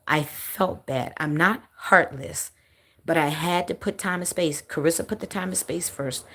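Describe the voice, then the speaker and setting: A woman hosting a livestream, talking bluntly and with profanity, close to tears as she vents to viewers. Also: low-pitched. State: close to crying. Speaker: livestream host. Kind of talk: emotional livestream chat with viewers.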